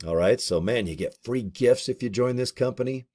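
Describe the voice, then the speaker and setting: A man's voice: medium pitch, moderate pace. A middle-aged man talking to camera in a casual, rambling monologue, joking and swearing as he tells stories. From Iowa and Santa Barbara. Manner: joking, animated storytelling with crude humor. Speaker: network marketing promoter.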